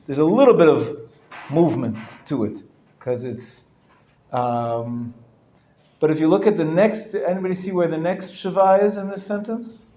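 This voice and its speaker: A male rabbi teaching a live class, explaining patiently and sounding words out slowly, often clearing his throat and chuckling. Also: fairly high pitch, warm tone. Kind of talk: live classroom lesson on Hebrew reading. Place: lecture room. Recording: roomy echo from a live class.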